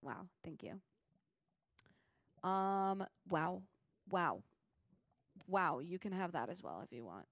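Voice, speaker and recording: A woman's voice: lowish voice, sing-song, slow, pauses often, dry recording, studio quality. A young woman streaming a game, chatting casually and grumbling playfully about her loot. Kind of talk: casual gaming stream chat.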